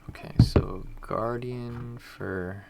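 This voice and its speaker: Pitched on the low side, his steady, creaky voice moves extremely slowly against background noise. He's an indie game developer live-streaming his work, casually chatting, muttering while coding and reading chat aloud, with faint music and typing behind him.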